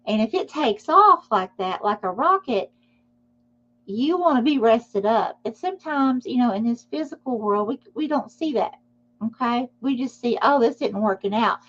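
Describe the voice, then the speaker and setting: Woman, tarot reader, live stream, high-pitched and reassuring, dull lo-fi sound. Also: lively intonation, normal speed, fairly bright tone. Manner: reassuring, repeats "okay?" often.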